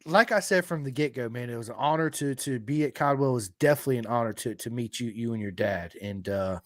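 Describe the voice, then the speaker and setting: A man hosting a podcast in relaxed, drawn-out casual chat full of fillers. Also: medium pitch, no room sound, clean studio sound. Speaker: podcast host.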